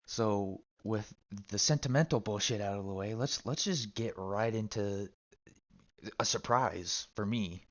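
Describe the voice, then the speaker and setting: A man's voice: fairly low pitch, unhurried, dull audio. A man co-hosting a casual sports talk show, rambling and cursing freely, with lots of restarts. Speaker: sports podcast co-host. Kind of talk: casual chat.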